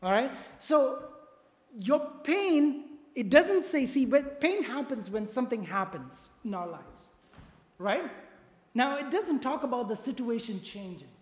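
A preacher giving a sermon in a church, repeating key phrases and often checking in with the congregation with a quick "right?" or "okay?". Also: mid-range voice, sing-song. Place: church sanctuary. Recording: long reverb of a large hall.

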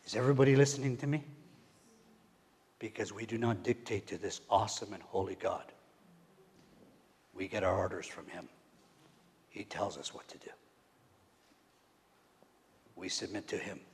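A man preaching a sermon, asking the congregation questions and swinging from hushed whispers to loud, emphatic calls. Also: fairly low pitch, moderate pace, long pauses. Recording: long hall reverb.

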